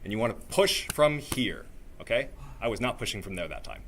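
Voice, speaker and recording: A male workshop presenter coaches a live room the way a voice teacher with a singing background would, full of energy and gentle coaxing, repeatedly checking in with "right?" and "okay?". His voice sits fairly low and he talks briskly, with a bit of background noise in the recording.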